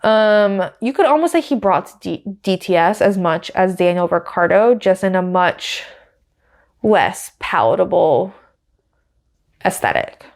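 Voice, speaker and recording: A woman's voice: fairly low pitch, lively intonation, a little slow, a little mellow. A woman hosting a podcast, giving casual, wry commentary with lots of fillers. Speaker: podcast host.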